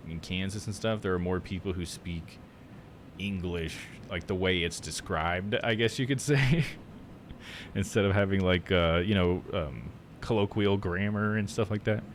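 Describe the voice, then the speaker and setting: Rural Midwestern guy, low voice, rambling live game commentary. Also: normal speed, slight background noise. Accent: rural Midwestern American. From United States. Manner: rambling, full of "like" and restarts. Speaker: streamer.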